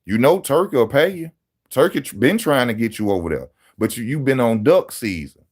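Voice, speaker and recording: A man hosting a live boxing channel stream, talking straight to his viewers in loud street-style banter, mocking and teasing. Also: medium pitch, big pitch swings, fairly quick.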